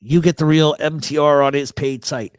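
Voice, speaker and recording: A man's voice: fairly high pitch, steady tone, normal speed, clear, resonant tone, no echo. A man from New York hosting a casual livestream chat, blunt and joking, swearing freely, on an expensive studio mic run through a voice processor. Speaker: host. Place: home studio.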